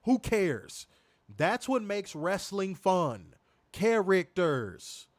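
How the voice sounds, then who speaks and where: On a live stream reviewing wrestling, a man with a high, very animated voice speaks very slowly, swearing casually, repeating himself, and reading out viewer comments. There's no room sound.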